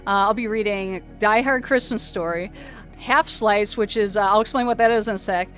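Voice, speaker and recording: A woman hosting a casual livestream, chatty and quick to laugh, often stumbling and restarting her words. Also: medium pitch, a bit bright, faint music behind. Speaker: streamer host.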